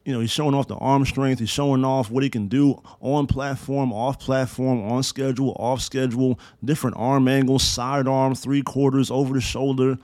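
A man rants through his own sports podcast, fired up and emphatic, with swearing all through it. His voice sits at an ordinary middle pitch. The recording is close and dry, with no room sound. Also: normal speed, few pauses, dry recording. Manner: profane, excitable and emphatic. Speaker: podcast host. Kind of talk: solo sports podcast rant.

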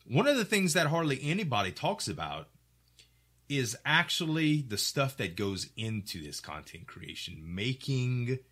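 A middle-aged man from Louisiana hosting a casual podcast chat, articulate and animated, acting out quoted lines. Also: mid-range voice, unhurried. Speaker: podcast host.

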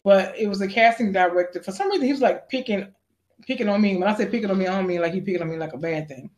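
An actress being interviewed, telling stories in a lively, animated way and acting out the voices of the people she quotes. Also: racing. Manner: acts out quotes with big pitch jumps. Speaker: actress guest. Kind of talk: animated storytelling.

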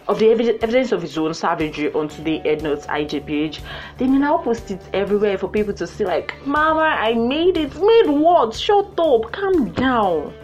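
Playful woman hosting a podcast. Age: young adult. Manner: playful and animated, with sudden excited high exclamations. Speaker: podcast host. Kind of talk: casual solo podcast chat. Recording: muffled lo-fi with faint music.

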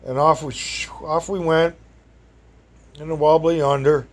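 Man, storyteller; meandering anecdote for a live audience, chatty, light chuckles, voice on the higher side. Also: level tone, a little slow. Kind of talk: rambling personal anecdote told to an audience.

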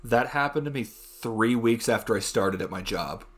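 A man's voice: mid-range voice, moderate pace. A young man on a podcast, chatting casually, laughing often and swearing freely. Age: young adult. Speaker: podcast co-host. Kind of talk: casual chat.

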